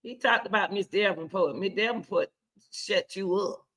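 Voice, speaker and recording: A woman hosting casual reaction commentary, excitable and chatty, repeating herself often. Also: mid-range voice, moderate pace. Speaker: commentary host.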